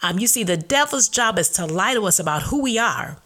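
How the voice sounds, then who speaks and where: Woman doing a faith podcast, earnest, slow steady affirmations, mid voice. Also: mid-range voice. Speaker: podcast host. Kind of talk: devotional podcast with spoken affirmations.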